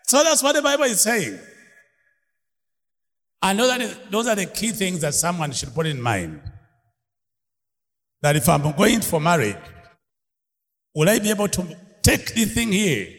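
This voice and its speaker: A man's voice: high-pitched, sing-song, measured pace, pauses often, fairly bright tone. A man preaching a sermon, laughing often and calling out questions to his congregation. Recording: long hall reverb.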